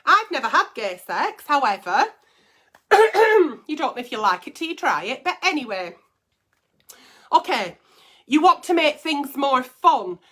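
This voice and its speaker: A woman's voice: sits high, sing-song, a little slow, long pauses, a bit bright. A middle-aged woman hosting a casual advice stream, blunt and profane as she reads and answers letters. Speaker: advice show host.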